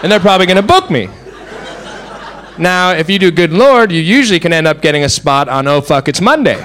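A man's voice: high-pitched, lively intonation, brisk, fairly bright tone, a little hiss or hum. A man doing a sardonic stand-up routine with mock-enthusiastic storytelling. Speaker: stand-up comedian.

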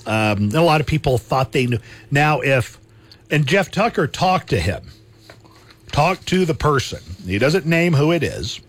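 A man's voice: a little high, very animated, unhurried. Chatty radio talk host, man. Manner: chatty, laughs easily, repeats himself. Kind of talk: casual talk radio chat.

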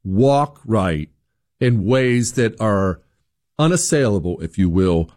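A man's voice: fairly low pitch, slow pace, no room sound, clean studio sound. A man delivering an opinion commentary monologue, emphatic, full of rhetorical questions, often restarting and repeating words. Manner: emphatic, animated, rhetorical questions, acts out quoted voices. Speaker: political commentator host.

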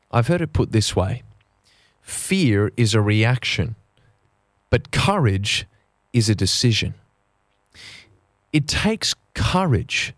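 A man preaching a sermon in an earnest way, slowing down to stress key phrases. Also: mid-range voice, darkish tone, dry recording, clean studio sound.

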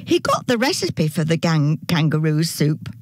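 A woman reading a children's story aloud in an animated storybook style. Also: sits low, dry recording. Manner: slow, animated storybook narration.

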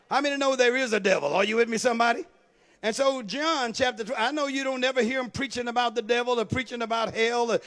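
High-voiced preacher calling to his congregation. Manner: call-and-response preaching, rising to shouts. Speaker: pastor. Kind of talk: sermon.

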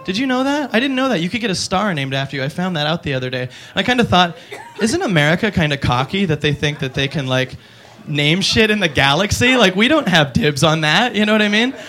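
A man doing an animated stand-up routine, putting on silly voices for his characters. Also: sits high, fast talker. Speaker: stand-up comedian.

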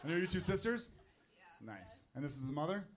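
A man's voice: fairly high pitch, big pitch swings, a little fast. A man doing a stand-up set in a comedy club, bantering chattily with the crowd. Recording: noisy live club recording, audience laughter.

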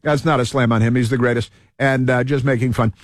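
Rambling talk show host, dry close mic. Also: male voice, medium pitch, fairly even intonation, dry recording. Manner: rambling, halting, many fillers and restarts. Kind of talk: rambling opinion monologue.

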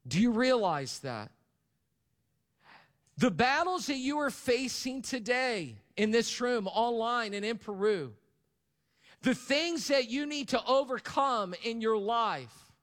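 A man's voice: very high-pitched, a bit bright. A male pastor preaching a sermon to his congregation, asking for responses and repeating key lines for emphasis. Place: church hall. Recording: long reverb of a large hall.

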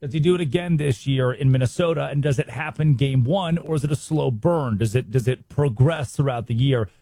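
An American man hosting a sports talk show, brisk and opinionated, firing rhetorical questions. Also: mid-range voice, dark tone, no room sound. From United States. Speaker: sports radio host.

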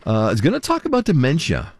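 A man's voice: medium pitch, fast, husky, no echo, studio quality. A man hosting a morning radio show in casual chat, talking with many fillers. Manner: chatty, lively, many fillers. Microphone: studio microphone.

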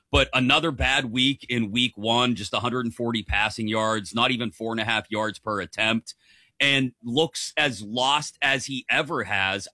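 A man's voice: medium pitch, pushed and bright, no echo, clean studio sound. A man hosting a sports talk show, thoughtful and analytical. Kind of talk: casual sports chat.

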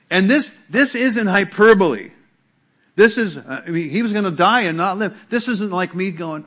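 A man's voice: high-pitched, big pitch swings, normal speed, bright, forceful tone. A middle-aged man preaching a sermon as pastor, in a conversational way with emphatic repetition and frequent restarts.

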